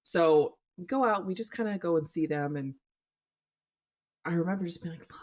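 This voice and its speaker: A young woman co-hosting a podcast, telling stories in an animated way and swearing casually. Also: on the low side, normal speed, long pauses. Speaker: podcast co-host. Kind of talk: casual chat.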